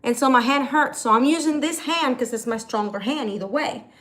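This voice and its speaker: Vlogger woman on a phone camera at home, rambling and exasperated, voice sitting a bit high. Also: expressive, a little fast. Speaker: creator hosting a live video. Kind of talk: rambling casual vlog chat. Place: at home, hot day.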